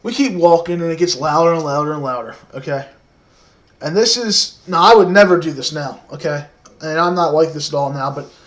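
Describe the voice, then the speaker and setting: A man in his twenties telling a story casually to the camera, soft-spoken and rambling, with many fillers. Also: on the high side.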